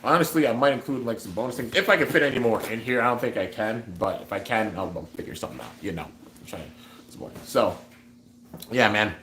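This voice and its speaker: A man's voice: mid-range voice, quick pace, a bit bright, slight background noise. Upbeat young man in an echoey room. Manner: upbeat, chatty, reads out chat comments. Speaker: streamer hosting a toy giveaway. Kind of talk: casual livestream chat.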